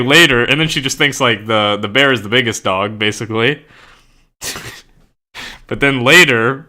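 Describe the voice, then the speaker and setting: A man's voice: mid-range voice, pushed and bright. A young man chatting casually and rambling, with lots of "like" fillers and frequent laughter. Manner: laughs often. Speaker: streamer and author. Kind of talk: casual chat.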